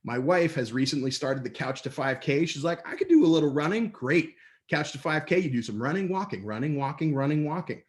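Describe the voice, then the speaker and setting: Playful, animated man giving an online talk. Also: mid-range voice. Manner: lively, playful storyteller with quick put-on voices for others. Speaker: presenter. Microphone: computer mic on a video call.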